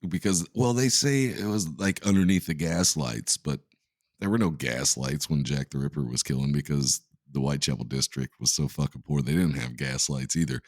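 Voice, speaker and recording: A man with an extremely deep voice, co-hosting a casual podcast. He rambles, stumbles and pokes fun at himself, swearing freely. The voice is dry and close, with no room echo. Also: normal speed, a little mellow. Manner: self-deprecating, rambling, profane. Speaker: podcast co-host.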